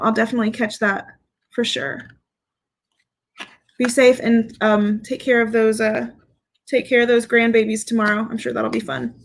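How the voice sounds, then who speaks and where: A woman with a gravelly edge of vocal fry chats casually to her livestream audience as a fragrance reviewer. Her voice sits a little high. She talks candidly and playfully, swearing freely and laughing often. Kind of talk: casual livestream chat, reading viewer comments.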